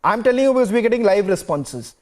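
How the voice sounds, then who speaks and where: A man's voice: high-pitched, big pitch swings, quick pace. A man with an Indian English accent moderating a heated TV debate, interrupting guests and repeating himself to take control. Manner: interrupting, repeating commands to hold on. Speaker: news debate anchor.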